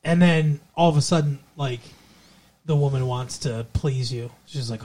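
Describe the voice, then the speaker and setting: A man's voice: a little high, lively intonation, measured pace, darkish tone. A man co-hosting a podcast, chatting casually and rambling about a TV episode, with frequent swearing and playful asides. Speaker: podcast co-host. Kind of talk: casual TV recap chat.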